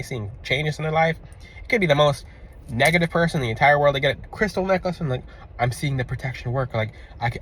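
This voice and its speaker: A man's voice: fairly high pitch, fairly bright tone. A man with a Florida accent telling a story about selling a crystal necklace, rambling and repeating himself and acting out what people said. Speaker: crystal seller and spiritual adviser. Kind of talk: casual storytelling monologue.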